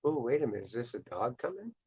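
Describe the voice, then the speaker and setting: A man's voice: mid-range voice, very animated, fast, darkish tone, slightly rough, no room sound. A man hosting a show in casual chat, chatty and crude, swearing freely. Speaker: host. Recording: dull lo-fi dry recording.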